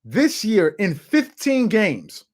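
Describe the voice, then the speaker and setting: A man hosting a live sports talk stream, his pitch swinging widely as he gets worked up over the numbers. He talks loosely, doubling up on words and breaking off to answer the chat. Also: huge pitch swings, slow pace, a little mellow. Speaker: sports talk show host.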